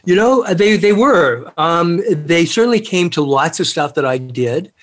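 A middle-aged man speaking as a guest in a relaxed interview. His voice sits a little high for a man, and he rambles through his stories with lots of fillers and "you know"s. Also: normal speed. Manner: rambling, chatty, with many fillers and laughs. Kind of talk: casual storytelling interview.

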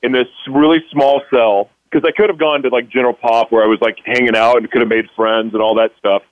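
A man's voice: mid-range voice, brisk, no room sound. A man speaks as a radio guest, recounting his past with energy, often slipping into quoting his own younger self. He repeats words as he restarts his sentences. The line is dry and a little muffled, like an old broadcast. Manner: animated, acts out his past self in quotes, stammers on restarts. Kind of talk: emotional personal storytelling.

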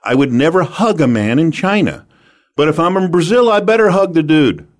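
Animated American man giving sales advice. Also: fairly high pitch, normal speed. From United States. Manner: emphatic, animated storyteller. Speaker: sales and business guest.

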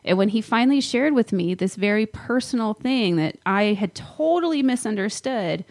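A woman's voice: mid-range voice, animated, moderate pace, a little mellow. A woman hosting a casual talk show, telling a personal story in an earnest, reflective way. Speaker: host. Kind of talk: casual chat.

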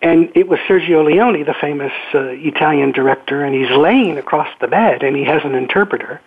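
An older man, an actor guest, telling a story on a call-in interview in a relaxed, halting way. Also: on the high side, breathy edge. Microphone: telephone. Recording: phone-line call-in.

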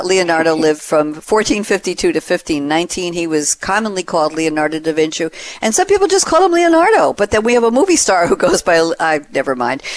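Chatty woman hosting a panel. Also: on the low side. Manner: chatty, playful, lively with asides. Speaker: host.

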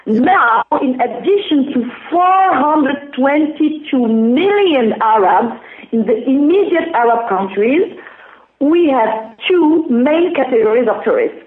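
A woman with a French accent, measured and careful as she explains her business in an interview. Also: high voice, lively intonation. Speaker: interview guest, business founder. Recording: tinny echoey phone line.

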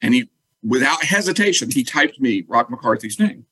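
A man, a guest telling a personal story in lively, casual talk and acting out what others said. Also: medium pitch, normal speed, slightly rough, rough recording. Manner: animated, acts out quoted dialogue.

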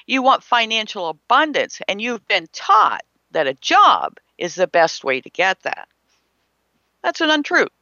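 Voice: mid-range voice, big pitch swings, a little slow, sharp tone, no room sound. A spiritual teacher giving an emphatic motivational talk, asking rhetorical questions and acting out imagined people. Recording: slightly muffled, dry.

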